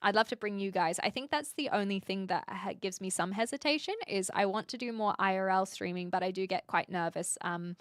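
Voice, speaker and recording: A woman's voice: medium pitch, brisk, hardly any pauses, dry recording, studio quality. A woman streamer with a mixed Australian and British accent, chatting casually as she reads out and answers her chat. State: sleepy.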